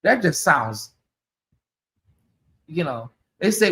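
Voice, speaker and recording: A man's voice: high-pitched, big pitch swings, takes it slowly, long pauses, sharp tone. A man hosting a casual livestream chat, sassy and chatty, calling his listeners honey and y'all. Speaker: channel host.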